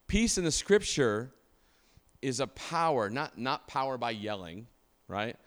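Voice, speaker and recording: A man's voice: mid-range voice, very animated, measured pace, fairly bright tone. A middle-aged male pastor preaching a conversational sermon, casual and full of fillers and restarts, often asking the congregation questions.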